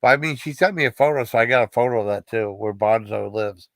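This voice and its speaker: A man's voice: mid-range voice, fast, fairly bright tone. A man hosting a casual livestream chat, with a mid-range voice. He rambles through his stories with many uhs, and his voice is dry and close, with no room echo. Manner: rambling, agreeable, lots of uh and yeah. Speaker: livestream host.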